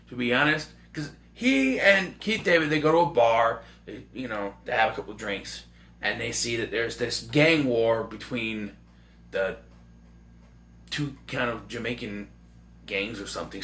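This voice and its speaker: A man rambling excitably and jokingly through a casual movie review. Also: medium pitch.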